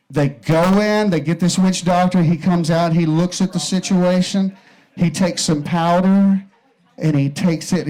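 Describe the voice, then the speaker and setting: A man doing his first stand-up set, telling a long, profane joke with deliberate pauses. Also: sits high, darkish tone, rough recording. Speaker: stand-up comedian.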